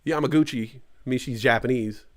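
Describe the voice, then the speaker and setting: A man's voice: medium pitch, normal speed. A middle-aged man from California's East Bay hosting a casual live-stream morning show, rambling and joking. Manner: rambling, joking, puts on tough slang voices.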